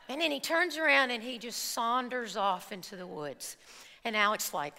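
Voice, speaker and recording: A woman preacher telling an animated personal story in a sermon, acting out the scenes before turning to scripture. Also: on the high side, a little slow. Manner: animated storytelling, acts out screams and quotes. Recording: reverberant hall.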